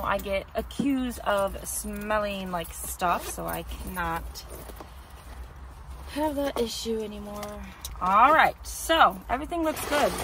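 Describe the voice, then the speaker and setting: A woman's voice: a little high, background noise. Chatty young woman vlogging casually. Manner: chatty, upbeat, lots of "like" and "um". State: out of breath. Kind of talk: casual vlog chat. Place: in her car, then at home by a bookshelf.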